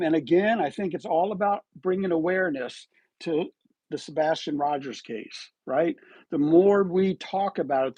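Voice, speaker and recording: A man's voice: a little high, mellow, slightly rough, no echo. A man hosting a live online commentary show, talking on his own in a rhetorical, accusatory way and often tagging his points with "right?".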